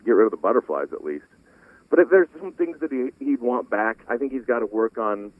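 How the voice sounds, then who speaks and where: A man's voice: deep voice, no echo. A man breaking down football game film on sports radio, restarting his sentences as he talks. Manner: animated, repeats words when restarting. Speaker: football analyst. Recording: tinny phone-like line.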